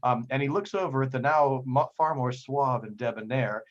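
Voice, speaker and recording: A man's voice: mid-range voice, normal speed, lo-fi sound. A man narrating a tabletop role-playing game as game master, telling the story playfully. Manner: playful storytelling, slipping into character voices.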